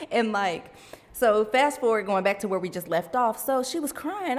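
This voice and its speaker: A woman's voice: a little high, expressive, normal speed. Chatty woman podcast host, reverberant sound. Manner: chatty, addresses listeners directly, laughs at herself. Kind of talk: casual faith podcast storytelling.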